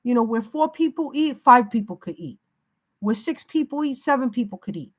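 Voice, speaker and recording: Older lady psychic reading, kinda high voice, emphatic, repeats herself a lot. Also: lively intonation, moderate pace, low-quality recording. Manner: emphatic and warning, piling up repeated phrases. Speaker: spiritual reader. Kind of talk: unscripted spiritual reading to camera.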